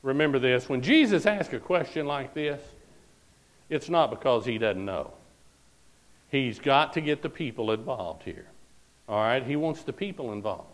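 A man's voice: mid-range voice, expressive, moderate pace, low-quality recording. A man preaching a sermon, reading scripture aloud and pressing each point with repeated phrases and "All right?".

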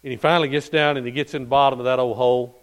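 A male pastor preaching a sermon, retelling a story in a folksy way and swinging between hushed and loud passages. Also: mid-range voice, steady tone, very fast.

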